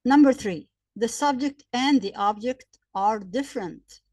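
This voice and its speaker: A woman's voice: on the high side, a little mellow, no echo, clean studio sound. Woman teaching grammar. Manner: slow, repetitive explaining with examples. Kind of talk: explanatory grammar lesson.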